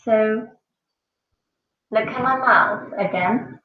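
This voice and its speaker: A woman teaching a class of children, speaking slowly and repeating each sound many times for the pupils to copy. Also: fairly high pitch, fairly bright tone, slight background noise. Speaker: Mandarin teacher. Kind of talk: classroom language lesson. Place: school classroom. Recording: far-off mic in an echoey classroom, dull sound.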